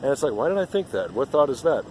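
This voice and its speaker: A man's voice: mid-range voice, sing-song, fast talker, a little mellow, a little hiss or hum. A man giving an earnest, rambling spiritual monologue outdoors, often repeating himself.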